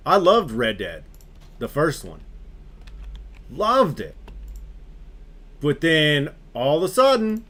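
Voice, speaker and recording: A man streaming a game, chatting casually with his viewers in an animated, ranting way and swearing freely. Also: on the high side, slow pace, long pauses. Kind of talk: casual chat with live viewers.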